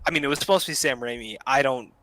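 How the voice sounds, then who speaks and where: A young man hosting a casual film podcast, excitable and quick to swear and laugh. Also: medium pitch, dry recording. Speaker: podcast host. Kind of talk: casual chat.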